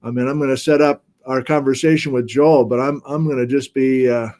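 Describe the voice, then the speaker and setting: An American man hosting a geology livestream, casually reading out where viewers are watching from in a relaxed, chatty way. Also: mid-range voice, brisk. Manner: relaxed, chatty, reads viewer locations aloud. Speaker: geology lecture host.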